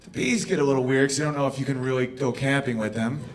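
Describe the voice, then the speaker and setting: A man performing a brash stand-up comedy set on a club stage, bursting into loud shouted bits. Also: medium pitch, fast, very noisy.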